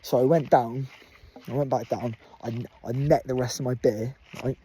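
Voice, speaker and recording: A man's voice: mid-range voice, steady tone, normal speed, mellow, slightly rough. A young man vlogging casually outdoors on a moor while camping, laid-back, jokey and full of swearing. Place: outdoors on open moorland, camping.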